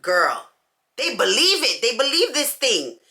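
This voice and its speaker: A woman chats through a story while she puts on her makeup, and her pitch jumps up and down as she acts out every line people said. Her voice is bright and sharp, and her talk is casual and full of slang. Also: huge pitch swings, unhurried, slight background noise. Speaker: beauty vlogger.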